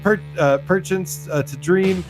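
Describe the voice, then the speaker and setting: A man's voice: sits high, unhurried, over music. A man co-hosting a live gaming stream, reading viewer names in a playful, laughing, sing-song way. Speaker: podcast co-host. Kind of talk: reading chat shout-outs.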